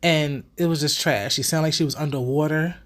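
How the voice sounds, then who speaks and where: Young woman vlog host, slightly stuffy, animated and profane, chatting directly to camera. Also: deep voice, brisk. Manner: animated, profane, talks straight to viewers. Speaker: vlogger host. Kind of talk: casual opinion commentary.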